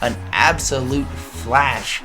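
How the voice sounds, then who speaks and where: A man doing casual, jokey play-by-play commentary for wrestling, excitable and swearing now and then. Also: medium pitch, takes it slowly, over music.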